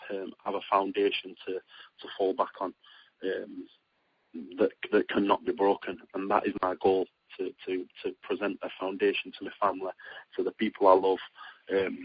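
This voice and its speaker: Man, young, from Britain, husky, lowish voice, rambling with fillers, dull lo-fi line. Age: young adult. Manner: rambling, many fillers and restarts, excitable when storytelling. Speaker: boxer being interviewed. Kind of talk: casual phone interview.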